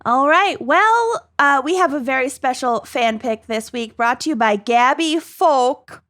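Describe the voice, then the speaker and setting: A woman's voice: high-pitched, lively intonation, measured pace, a bit bright. A woman, co-hosting a casual podcast chat in a bubbly, giggly way. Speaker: podcast co-host.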